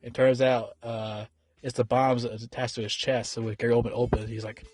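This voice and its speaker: A man's voice: medium pitch, flat delivery, a little fast, a little mellow, no echo, soft background music. A man giving a casual film review, rambling and swearing freely, with many fillers and restarts. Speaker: movie reviewer.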